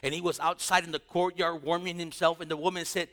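A man's voice: a little high, fairly quick, few pauses, a bit bright. A man preaching a sermon in a conversational style, asking the congregation rhetorical questions. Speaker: pastor.

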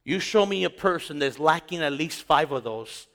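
A man delivers a sermon, pressing his points with repeated phrases and sudden rises in volume. His voice sits a little high for a man. The sound carries a long reverb, as in a church hall. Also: expressive, normal speed, a bit bright. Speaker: pastor.

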